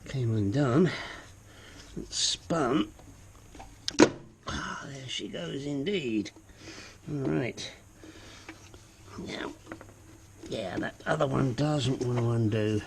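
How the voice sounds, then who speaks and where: A gravelly, medium-pitched voice speaks slowly with long pauses against a noisy background. It belongs to an auto mechanic giving a hands-on repair tutorial, muttering and grunting as he struggles with the parts.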